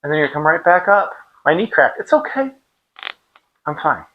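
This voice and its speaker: A middle-aged fitness instructor wearing a clip-on mic demonstrates an exercise drill, joking casually as he calls out cadence counts. His voice is on the high side, sing-song and a little fast, and the sound is phone quality.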